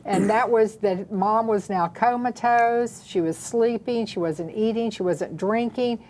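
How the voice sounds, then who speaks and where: A woman from the American South, co-hosting and telling a personal story in a lively, dramatic way. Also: a little high, measured pace, slight background noise. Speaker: co-host. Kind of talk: casual storytelling chat.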